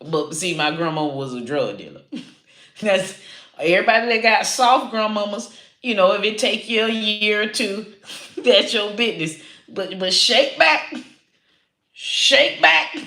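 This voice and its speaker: A woman comedian ranting to camera, loud and profane, swearing freely and laughing at her own jokes. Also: medium pitch, roomy sound. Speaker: comedian and online creator. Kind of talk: unscripted profane rant to camera.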